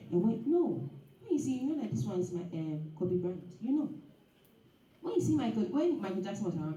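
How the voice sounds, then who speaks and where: A woman delivers a lively, preachy motivational speech at a dinner. Her voice is mellow and a little high, with a wide, animated pitch. She sounds far from the mic in an echoey hall. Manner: animated and preachy, with laughs and acted asides. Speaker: guest speaker. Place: event hall.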